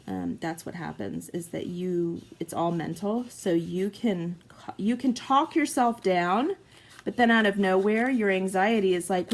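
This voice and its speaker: A woman's voice: medium pitch, lively intonation, unhurried, rough recording. A woman in her forties, a mom chatting casually and rambling through a story while crafting at home. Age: 40s. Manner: chatty, rambling, self-mocking.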